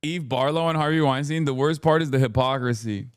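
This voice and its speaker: A man hosting a livestream, reacting to posts with sarcastic, deadpan commentary. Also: mid-range voice, fairly quick, clean tone, dry recording, clean studio sound. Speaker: streamer host.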